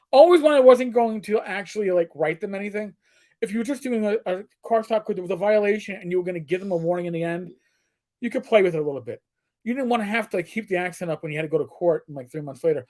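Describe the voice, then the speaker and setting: This middle-aged co-host talks quickly in a high, slightly mellow voice, telling crude, joking stories in casual chat and occasionally putting on voices.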